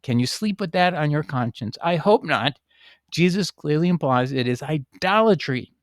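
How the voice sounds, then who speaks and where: Man, middle-aged, emphatic, argumentative, fairly high voice, dry recording. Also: animated, moderate pace, no room sound. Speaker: video host answering a viewer. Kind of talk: reading a letter and commenting.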